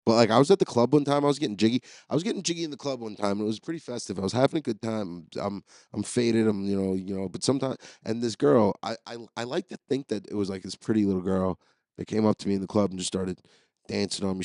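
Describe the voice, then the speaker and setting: A man's voice: fairly low pitch, fast, darkish tone, dry recording, clean studio sound. A man hosting a podcast, telling rambling, profane, jokey stories as a comedic solo monologue. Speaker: podcast host.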